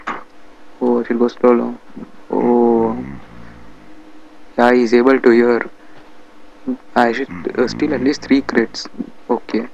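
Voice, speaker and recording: Gravelly Indian English man doing a comic game dub. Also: medium pitch, monotone, slow pace, pauses often, a little mellow, lo-fi sound. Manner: chatty, bickering, muttering to himself.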